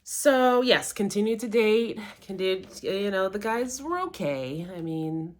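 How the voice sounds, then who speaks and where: A woman's voice: medium pitch, expressive, a little slow. A middle-aged woman, a life coach, candidly telling a personal story with lots of quoted self-talk.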